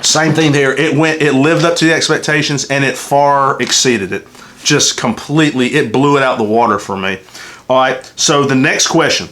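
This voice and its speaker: His voice is on the high side with a fairly bright tone as this Southern-accented channel host reviews a game. It's a casual, unscripted chat, rambling and emotional, with him swearing constantly.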